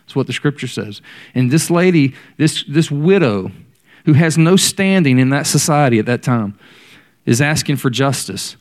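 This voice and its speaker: Guy preaching, mid-pitched voice, tells the stories and talks right to the congregation. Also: animated, moderate pace, darkish tone. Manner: storytelling, voicing the characters in quotes; addresses the congregation directly. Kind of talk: sermon.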